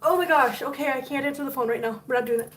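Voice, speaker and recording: A woman hosts a live cooking stream from her home kitchen, chatting casually, laughing often, and cooing baby talk at her cats. Her voice sits high and moves fast. The room is echoey, the mic is at a distance, and there's faint noise.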